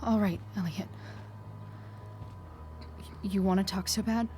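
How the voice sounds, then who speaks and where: A woman plays a sarcastic rebellious teenage girl in a video game. She talks slowly, wry and guarded, letting her words drag. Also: mid-range voice, fairly even intonation, dark tone, a little hiss or hum, natural voice.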